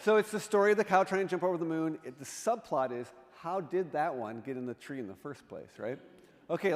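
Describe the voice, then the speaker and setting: A man with a somewhat high voice gives a lighthearted, jokey presentation, tossing questions to the crowd. His voice rings out with a long, lingering echo, as heard in a church sanctuary. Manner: playful, jokey, quizzes the audience. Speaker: artist in residence giving a presentation. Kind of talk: humorous illustrated talk to a congregation.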